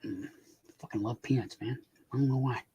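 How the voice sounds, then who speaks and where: A man's voice: medium pitch, fairly quick, dark tone, husky. A man chatting casually on a live stream, rambling, repeating words and swearing offhandedly. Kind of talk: casual chat.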